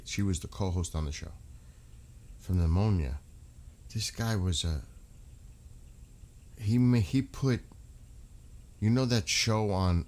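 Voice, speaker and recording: Deep-voiced man, halting and emotional. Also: darkish tone. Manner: halting, emotional, restarts often. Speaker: streamer. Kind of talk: casual live-stream talk.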